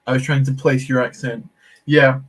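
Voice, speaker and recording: A man's voice: mid-range voice, flat delivery, moderate pace. A man hosting a casual livestream, chatting with viewers while tinkering with a build, laughing easily and poking fun at himself. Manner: laughs easily, self-deprecating. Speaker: Lego livestream host.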